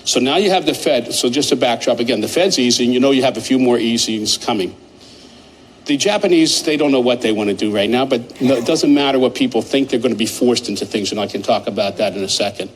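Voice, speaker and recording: A man analyzing markets in conversation, talking in an animated, emphatic and rambling way. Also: medium pitch, fast, slight background noise, rough recording. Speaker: market commentator.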